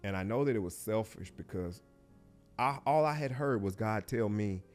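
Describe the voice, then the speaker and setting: This middle-aged interview guest recounts something personal at normal speed in a lowish voice, with soft music playing in the background. His telling is heartfelt and reflective, often sinking to a hush and halting.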